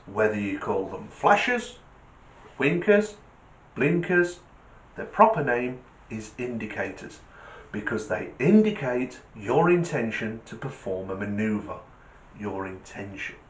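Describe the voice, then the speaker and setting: A man's voice: medium pitch, a little slow. A man, hosting his channel with a casual rant and a joke, acting out the voices as he goes. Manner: lively storyteller acting out voices. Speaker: channel host. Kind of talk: casual monologue and joke telling. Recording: echoey room.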